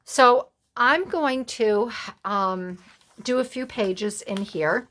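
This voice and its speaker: A woman from the USA hosting a casual craft flip-through, softly gushing over each page. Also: a little high, takes it slowly. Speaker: craft vlogger.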